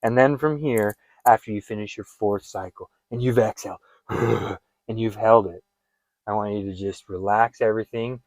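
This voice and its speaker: A man's voice: fairly low pitch, fairly even intonation, normal speed, darkish tone, no echo. A man coaching listeners through a breathing exercise in an earnest, direct way, often repeating his instructions. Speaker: fitness and wellness coach.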